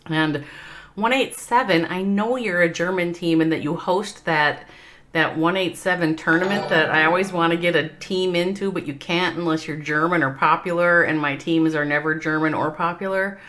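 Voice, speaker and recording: On the livestream, this Minnesota-accented caster covers an esports game and chats with viewers, laughing often. She speaks at normal speed in a lowish, fairly bright voice, with a little hiss or hum in the audio.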